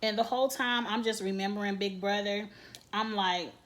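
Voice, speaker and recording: A woman hosting a casual reality TV recap vlog, talking in an animated, gossipy way and laughing often. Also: mid-range voice, moderate pace.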